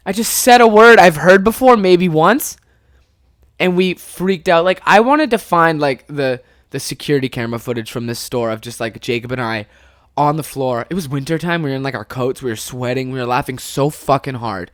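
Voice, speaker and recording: A man's voice: a little high, normal speed, no room sound, clean studio sound. A young man from Canada hosting a podcast, telling a funny story casually, swearing often and breaking into laughter. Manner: animated, swears a lot, bursts into laughter. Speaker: podcast host.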